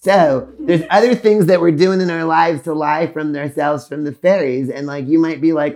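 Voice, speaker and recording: A man's voice: fairly high pitch, fairly even intonation, normal speed, creaky, darkish tone. A man hosting a live podcast, talking in a playful, rambling way and acting out little voices. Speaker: podcast host.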